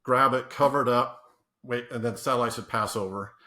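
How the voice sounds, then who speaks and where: A man's voice: mid-range voice, a little fast, pushed and bright. A man telling casual stories in an interview, with many restarts and laughs. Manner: rambling with restarts and laughs, acts out quotes. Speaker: podcast guest. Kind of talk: casual storytelling.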